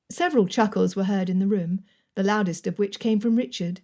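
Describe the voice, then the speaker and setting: A woman narrating a romance audiobook in a measured, even storytelling manner. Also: medium pitch. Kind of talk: scripted narration.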